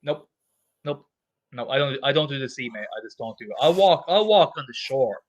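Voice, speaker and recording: A man's voice: mid-range voice, expressive, fast, dull audio. A man bantering in a casual podcast chat, joking crudely and repeating himself for emphasis. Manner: joking, profane, emphatic repetition. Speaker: podcast co-host.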